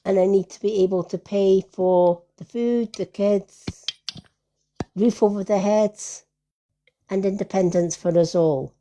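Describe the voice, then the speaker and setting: A woman gives card readings to her live stream audience. She speaks slowly in a soft, mellow voice. Her tone is soothing and affectionate. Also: mid-range voice, steady tone. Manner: soothing, affectionate, calls people lovely and honey. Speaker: tarot reader hosting a live stream.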